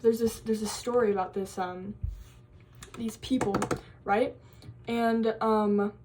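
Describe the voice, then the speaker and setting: A woman's voice: on the high side, steady tone, slow, noisy background. A young woman vlogging, casually telling a campfire-style scary story with lots of fillers and restarts. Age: young adult. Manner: rambling, many fillers and restarts.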